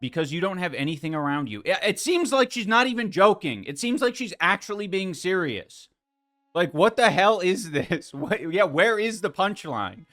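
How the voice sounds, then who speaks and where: A man's voice: sits high, big pitch swings, normal speed, a bit bright. A man hosting a podcast stream, reacting to a clip with exasperated, sarcastic commentary and plenty of swearing.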